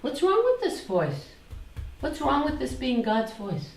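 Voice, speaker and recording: Woman spiritual teacher, slow and animated, recorded roomy from a distance. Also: sits high. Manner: questions the audience, repeats phrases in a singsong. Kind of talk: interactive spiritual talk to a group.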